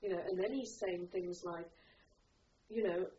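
A woman's voice: fairly low pitch, steady tone, a little slow, warm tone. A middle-aged woman telling a personal story, rambling, with many restarts and "you know"s. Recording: distant muffled recording with faint noise.

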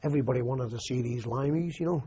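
A man's voice: medium pitch, fast talker, warm tone, husky. An older Scottish man, an army veteran, recalling his service in a rambling, anecdotal oral history interview full of "you know" and restarts. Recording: muffled lo-fi recording.

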